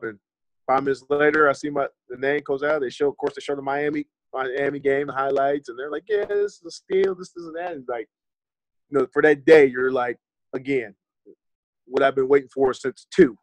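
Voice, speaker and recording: A man's voice: mid-range voice, steady tone, moderate pace, no echo, poor audio. American guy in his 30s, ex running back, chatting loose and candid, swears a bit, dry close sound. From United States. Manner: candid and loose, swears freely and acts out remembered conversations. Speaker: former pro running back, podcast guest. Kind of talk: casual storytelling interview.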